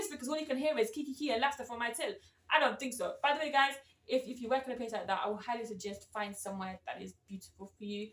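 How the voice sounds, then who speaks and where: A young woman, chatting casually and telling a work story in slangy, lively bits, acting out what people said. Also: a little high, rapid-fire, recorded from a distance. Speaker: vlogger. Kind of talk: casual chat. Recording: roomy echo, a bit off-mic.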